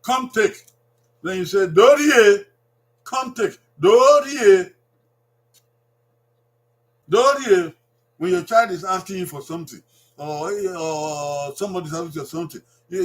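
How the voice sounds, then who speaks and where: A man with a Nigerian accent giving a language lesson, repeating each word slowly and drawing it out for learners. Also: fairly high pitch, fairly bright tone. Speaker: language teacher.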